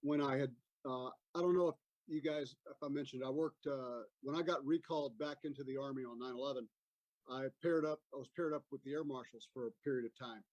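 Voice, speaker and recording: A man's voice: mid-range voice, a little fast, a little mellow, dry recording, highs cut off. A man in his fifties, an army veteran guest, telling a war story in a rambling way with many fillers. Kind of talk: casual storytelling on a podcast.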